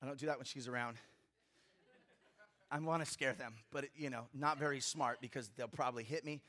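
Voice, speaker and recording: A man preaching a sermon as pastor, swinging from loud, intense passages to hushed ones, with humorous personal asides to the congregation. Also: medium pitch, steady tone, fairly quick.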